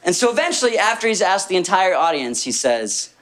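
Halting deadpan comedian. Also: male voice, high-pitched. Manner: hesitant, full of uh and um, deadpan. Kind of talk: stand-up storytelling.

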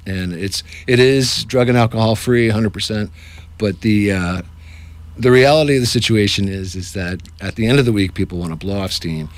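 A man who runs improv workshops, talking in a casual, jokey interview with animated asides. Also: lowish voice, normal speed. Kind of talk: casual radio-style interview.

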